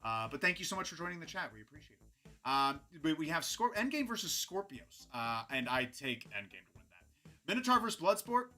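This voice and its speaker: Male host, casual stream commentary, lively swings, bright tone, faint music under. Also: fairly high pitch, fairly quick. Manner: rambling, animated, chatty with frequent restarts. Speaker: host of a robot combat recap show.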